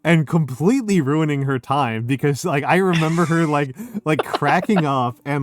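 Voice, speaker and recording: A man's voice: a little high, normal speed, hardly any pauses. A middle-aged man hosting a casual drinking stream from home, rambling and swearing as he keeps interrupting himself. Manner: rambling, profane, self-interrupting. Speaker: streamer host.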